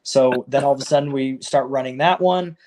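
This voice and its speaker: A man, a professional wrestler, telling his career story in a casual, animated way and acting out what others said. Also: a little fast. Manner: animated, acts out quoted people with raised pitch; loose and conversational, many fillers like "like" and "you know".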